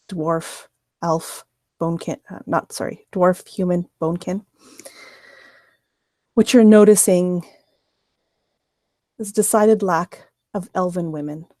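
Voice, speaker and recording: A woman's voice: lowish voice, mellow, no room sound. A woman narrating as game master of a tabletop game, sometimes hesitant as she searches for words.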